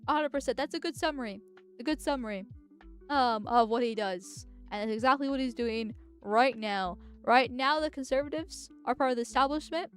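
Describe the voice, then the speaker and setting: A woman hosts a casual livestream, talking in a chatty, blunt way with sighs and laughs. Her voice sits fairly high. Faint music plays underneath. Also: brisk, fairly bright tone. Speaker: vtuber host. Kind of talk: casual political commentary livestream.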